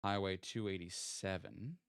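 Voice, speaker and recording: A man's voice: deep voice, fairly even intonation, measured pace, creaky, a bit bright, clean tone, dry recording, studio quality. A man streaming a geography guessing game, thinking aloud and playfully teasing his chat as he goes. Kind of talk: casual live-stream game commentary.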